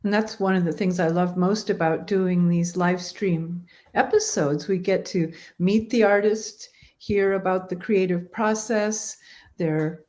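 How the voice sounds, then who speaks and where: A woman's voice: fairly low pitch, fairly even intonation, a little slow, darkish tone. A woman co-hosting a live stream interview, speaking enthusiastically. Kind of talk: casual interview conversation.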